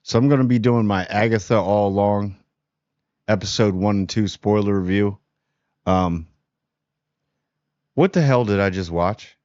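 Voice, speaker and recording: A man from New Jersey hosting a casual spoiler review of a TV show, talking bluntly with frequent restarts and animated jumps. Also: lowish voice, unhurried, long pauses, no room sound, muffled recording. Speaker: TV review host.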